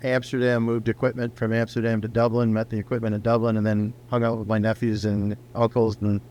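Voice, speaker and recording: A man's voice: on the low side, flat delivery, a little fast, darkish tone, a little hiss or hum. A middle-aged man, a company founder, casually telling a long rambling personal story in an interview, now and then swearing.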